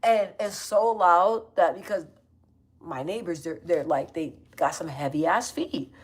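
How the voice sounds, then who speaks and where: A woman in her thirties chatting loosely to her livestream viewers on her phone, slangy and full of quick asides. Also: fairly low pitch. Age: 30s. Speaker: livestream host. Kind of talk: casual livestream chat reading comments.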